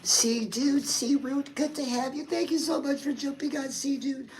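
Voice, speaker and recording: A woman's voice: high voice, fairly even intonation, normal speed, a little mellow, poor audio. A woman hosting a chatty motivational livestream, talking straight to her viewers and calling them girl. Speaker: livestream host.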